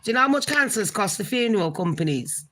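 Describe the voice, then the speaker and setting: A woman's voice: mid-range voice, animated, quick pace, a bit bright, slight background noise, low-quality recording. A woman hosting a casual gossip live stream, chatting with viewers and swearing now and then. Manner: chatty, swears, talks to viewers as honey pot. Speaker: gossip channel host.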